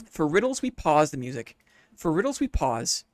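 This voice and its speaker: A man's voice: fairly high pitch, big pitch swings, moderate pace, dry recording, studio quality, faint music behind. A man streaming a game live, chatting casually with viewers in a playful, mock-formal, upbeat way.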